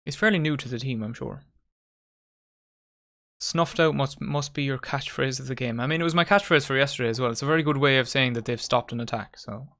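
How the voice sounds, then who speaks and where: A man's voice: mid-range voice, brisk, pushed and bright. A man hosting a live football watchalong, giving casual play-by-play and bantering with his friends and viewers. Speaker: watchalong host. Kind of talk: casual live match commentary.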